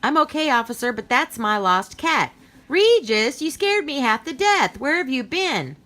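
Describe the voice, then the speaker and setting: A woman's voice: fairly high pitch, lively intonation, normal speed, bright, forceful tone, voice pushed up. A woman voicing a flustered, relieved woman cat owner, talking in a breathless, fluttery way.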